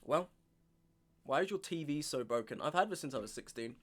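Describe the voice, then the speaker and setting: Twenty-something male streamer, casual and exasperated, voice on the higher side, ranting and repeating himself to chat. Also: animated, brisk, slight background noise. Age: 20s. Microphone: webcam setup at home.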